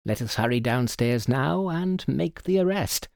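A sharp-minded detective lays out his reasoning with calm command, as a male narrator plays him. His voice sits a little higher than the narration and moves with lively rise and fall. Delivery is unhurried and the sound dry and close. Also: creaky, no room sound. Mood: assured. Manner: precise, authoritative explaining.

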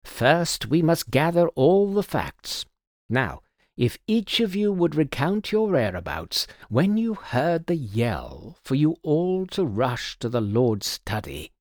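A man voicing a silver-haired gentleman detective who speaks in a measured, authoritative and sly way. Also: a little high, big pitch swings, dry recording, clean studio sound, voice pushed up. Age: older. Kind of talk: audiobook character voice.

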